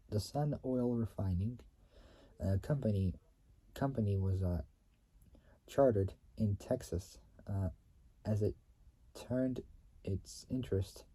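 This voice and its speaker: A man with a fairly low, mellow voice reads company history aloud haltingly. He stumbles, repeats and rephrases lines, and frequently clears his throat.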